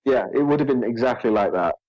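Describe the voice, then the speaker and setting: A man's voice: medium pitch, animated, fast, darkish tone, no room sound, dull audio. A man co-hosting a podcast, chatting casually and reacting with wry exasperation. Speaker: podcast co-host.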